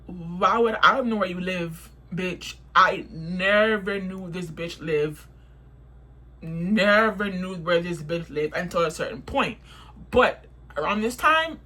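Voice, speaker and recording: A young woman tells a storytime vlog in a bright, sharp voice. She vents heatedly, swearing and repeating her points for emphasis. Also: on the low side, slow pace. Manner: heated, profane, repetitive venting.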